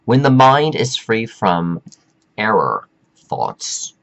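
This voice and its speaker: A man with a lowish voice delivers a rambling spiritual pep talk straight to his viewers. He drags out key phrases for weight and wanders off on tangents. The sound is dull and lo-fi. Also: huge pitch swings, gravelly, fairly bright tone. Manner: meandering and preachy, drawn-out emphatic phrases. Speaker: self-help speaker.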